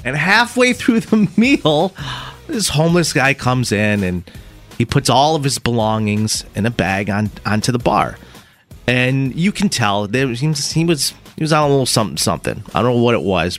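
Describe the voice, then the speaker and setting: Lively, animated male radio host. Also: medium pitch, moderate pace, soft background music. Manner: animated, laughing storyteller with frequent restarts. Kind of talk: casual on-air storytelling. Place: radio studio. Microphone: studio microphone.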